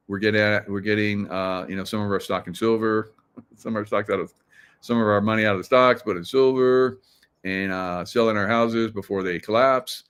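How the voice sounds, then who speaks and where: Low-voiced man rambling through commentary. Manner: rambling, filler-heavy, laughs and mocks often. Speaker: show host. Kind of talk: casual commentary.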